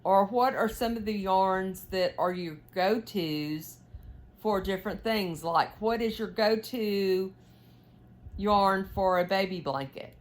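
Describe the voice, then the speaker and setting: Taking it slowly in a mid-range voice, a woman who vlogs about knitting chats casually with her audience while she knits. She's tired and yawning, and her talk is full of fillers and questions.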